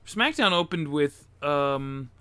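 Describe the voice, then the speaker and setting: A man's voice: fairly high pitch, animated, slow pace, sharp tone, smooth, dry recording. A man co-hosting a casual wrestling chat, laid-back and agreeable. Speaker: podcast co-host.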